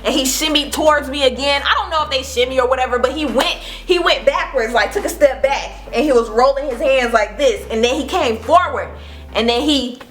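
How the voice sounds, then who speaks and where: A woman in her twenties, a vlogger telling a casual storytime, animated and acting out what people said. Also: high-pitched, a little fast, faint music behind. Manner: animated, acts out quotes with laughs.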